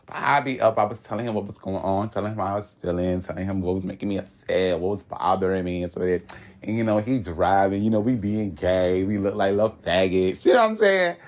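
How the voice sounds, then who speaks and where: A young man from Florida telling a long story in casual chat, animated, laughing often, with sudden high-pitched outbursts and slang-heavy speech. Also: brisk. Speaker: podcast guest telling a story.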